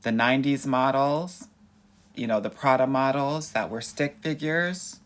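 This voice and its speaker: A man's voice: medium pitch, a little slow. Sassy young male dating coach for a live-stream Q&A. Valley Girl lilt, campy, calls everyone honey. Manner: self-described Valley Girl way of talking. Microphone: phone or webcam mic for a live stream.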